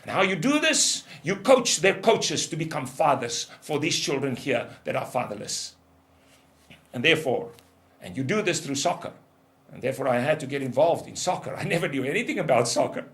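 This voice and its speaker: An older man, a ministry leader, giving a testimony sermon in an intense storytelling manner, going from loud outbursts to hushed lows. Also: big pitch swings, normal speed. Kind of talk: testimony preaching.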